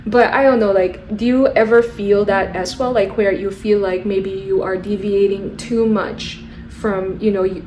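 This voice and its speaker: A woman's voice: medium pitch, fairly even intonation, moderate pace, a little mellow. A young woman from Mizoram with a Mizo-influenced American accent, chatting casually as a podcast host and filling her speech with "like" and "you know". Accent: Mizo-influenced American English. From Mizoram, India. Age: young adult. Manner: chatty, lots of "like" and "you know", laughs easily. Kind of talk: casual conversation. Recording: echoey room with faint noise.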